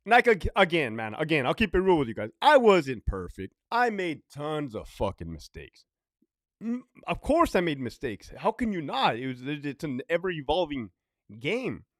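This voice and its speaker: A man's voice: fairly high pitch, no room sound, studio quality. A former prison officer telling stories in a casual monologue, blunt and profane, hammering his points by repeating them. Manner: blunt, profane, repetitive ranting.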